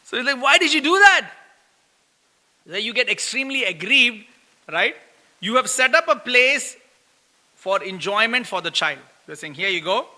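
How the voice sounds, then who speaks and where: Man, sermon, lively and storytelling, keeps asking "right?", long hall reverb. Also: high voice, moderate pace. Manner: lively storytelling, acts out quoted complaints, laughs often; asks listeners "right?" again and again. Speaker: preacher giving a scripture class. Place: temple hall.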